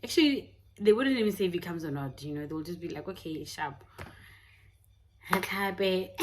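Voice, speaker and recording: Young south african woman, pretty low voice, chatty storytime, lil bit of hum behind. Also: animated, moderate pace, pauses often. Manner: candid, mixing in Setswana phrases, laughing often. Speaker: YouTuber. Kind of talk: casual storytime monologue.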